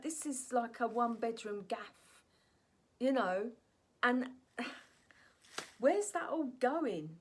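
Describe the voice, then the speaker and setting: Chatty ranting woman vlogger. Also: on the high side. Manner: chatty, ranting, fond of 'right?' asides. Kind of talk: casual opinion monologue.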